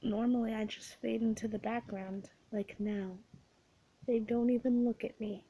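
A woman reading a comic story in first person, with wry, breathy asides. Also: a little high, steady tone, unhurried, mellow, muffled recording. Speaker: audiobook reader.

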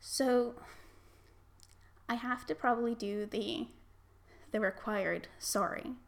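A young Canadian woman with a Canadian accent, chatting in a casual vlog in a relaxed, self-deprecating way. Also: on the high side, slow pace, pauses often. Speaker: vlogger. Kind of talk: casual accent-challenge vlog with a book reading.

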